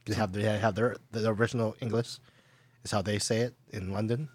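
A man's voice: fairly low pitch, steady tone, fairly quick, a little mellow, no echo. A man co-hosting a casual chat, joking around in slangy talk and laughing often.

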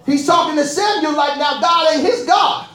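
A woman preaching a sermon in a lively, animated way, often laughing and calling out to the congregation. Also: high voice, moderate pace. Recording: echoey room.

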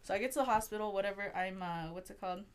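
A young woman guest storyteller shares a personal story in casual chat, speaking in a smooth, mid-range voice at a racing pace. She's animated, swears a lot, and acts out the voices of the people she quotes.

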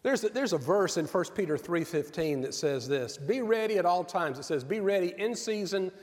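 A middle-aged man preaching a sermon in an earnest, measured way with pauses. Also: high voice, lively intonation. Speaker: pastor. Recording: long reverb of a large hall.

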